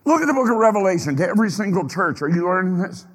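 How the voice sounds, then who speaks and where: A pastor with a high-pitched, very animated voice preaches to his congregation at great speed, emphatic as he stretches out phrases and fires questions at his listeners. The sermon echoes through a reverberant church sanctuary.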